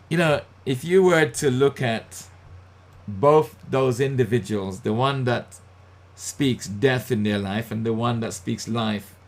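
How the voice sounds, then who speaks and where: A male pastor giving motivational Bible teaching, emphatic and repeating his key phrases. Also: medium pitch.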